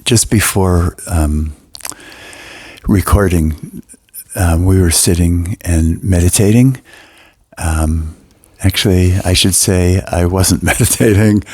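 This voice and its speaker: Very slow, gentle older man. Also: low-pitched, slightly rough. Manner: gentle, soft-spoken, reflective. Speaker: podcast co-host. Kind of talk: casual spiritual talk.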